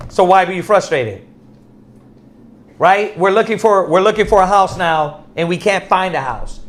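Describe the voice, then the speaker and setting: A man preaching in a casual, animated storytelling manner, often laughing and dropping to a soft voice when quoting people. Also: sits high, measured pace. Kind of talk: casual religious teaching.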